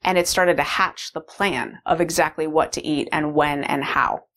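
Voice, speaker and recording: A woman's voice: deep voice, steady tone, normal speed, fairly bright tone. Woman telling a candid personal story. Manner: candid, reflective, with fillers and restarts. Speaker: course participant sharing a personal story. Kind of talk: personal testimonial talk.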